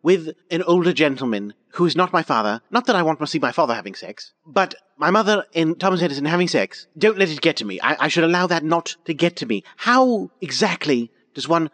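A man's voice: on the high side, sing-song, brisk, few pauses, fairly bright tone. A man in improvised comedy chat, talking in a hesitant, stammering, aggrieved way.

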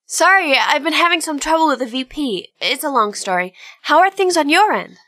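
A woman voicing a spirited young female crime-fighter in an amateur audio drama, speaking in an animated, exclamatory way. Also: high-pitched, a little fast.

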